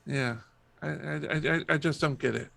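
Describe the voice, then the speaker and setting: A man's voice: a little high, moderate pace, creaky, sharp tone, dry recording. A man co-hosting a casual podcast, bantering and joking with the others. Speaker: podcast co-host. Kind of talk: casual chat.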